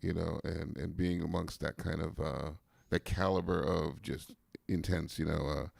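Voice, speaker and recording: A man's voice: rumbling low, steady tone, normal speed, gravelly, a little mellow, no echo, studio quality. A male podcast co-host chatting casually and enthusiastically, laughing often and backing up his guest. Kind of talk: casual interview chat.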